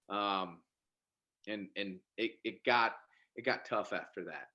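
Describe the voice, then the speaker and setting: A man's voice: fairly low pitch, slow pace, sharp tone. A man as a podcast guest, telling his life story casually and with animation, often restarting and repeating words. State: married father.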